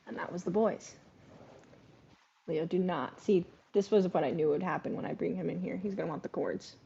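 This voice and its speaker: Warm, husky-voiced woman streamer. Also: fairly low pitch, moderate pace, lo-fi sound. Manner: chatty, coaxing talk to her pets. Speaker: live-stream host. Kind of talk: casual live-stream chat with play-by-play.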